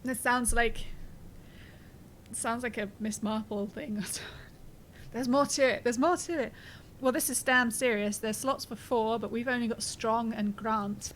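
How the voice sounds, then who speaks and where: A woman's voice: fairly high pitch, fairly even intonation, unhurried, fairly bright tone, a little hiss or hum, poor audio. A woman streaming a game, reading its text aloud and chatting casually, swearing and laughing as she plays. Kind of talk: casual gameplay commentary.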